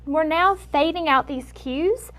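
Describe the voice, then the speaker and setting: Young woman, really high voice, explaining a speech therapy step by step, encouraging. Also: slow, a bit bright. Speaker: student speech clinician. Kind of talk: explaining and demonstrating a therapy method.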